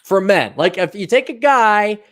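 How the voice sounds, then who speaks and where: Reading out donations on his stream, an American host trades sarcastic, profanity-laced jabs with his guest in easygoing chat. He speaks at a moderate pace in a high-sitting, fairly bright voice with lively intonation.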